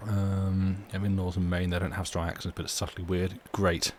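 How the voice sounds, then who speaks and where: A man talks casually to his live-stream chat in a somewhat low voice. He rambles, stops to restart his sentences, and breaks into small chuckling asides. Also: little pitch movement, normal speed, a little mellow, slight background noise. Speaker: streamer reading stories aloud.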